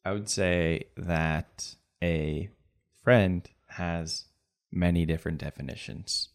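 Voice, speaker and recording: A man's voice: low voice, fairly even intonation, slow pace. A young man co-hosting a podcast, joking with friends and then reflecting at length on what friendship means. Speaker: podcast co-host. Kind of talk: casual chat.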